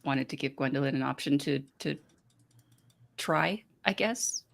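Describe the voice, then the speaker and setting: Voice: medium pitch, unhurried, gravelly, a bit bright. Rambling podcast host recapping a book. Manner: rambling, hesitant with fillers.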